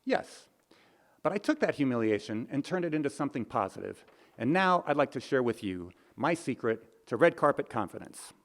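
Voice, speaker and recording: A man hosting an award show with comic, self-mocking, deadpan patter. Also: medium pitch, moderate pace.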